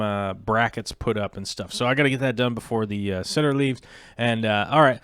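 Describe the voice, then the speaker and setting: A man's voice: medium pitch, normal speed, clean tone, no room sound, clean studio sound. A man hosting a casual aquarium livestream, chatting loosely with many fillers and restarts.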